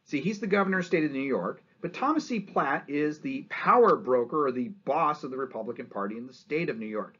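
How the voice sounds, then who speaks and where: A man's voice: mid-range voice, expressive, fairly quick, few pauses, bright, forceful tone, breathy edge, lo-fi sound. A man giving a conversational college history lecture, often checking in with "right?" and acting out quotes in changed voices.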